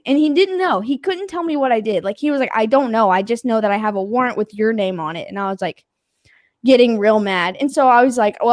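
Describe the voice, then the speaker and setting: A woman's voice: a little high, no echo, clean studio sound. A young adult woman casually telling a story, acting out what people said, laughing and swearing as she goes. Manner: animated, acts out quotes, laughs, swears casually.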